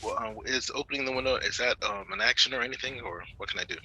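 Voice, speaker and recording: A man's voice: mid-range voice, fast talker, sharp tone, breathy edge, rough recording. A man playing a tabletop game, chatting casually and laughing often. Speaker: player.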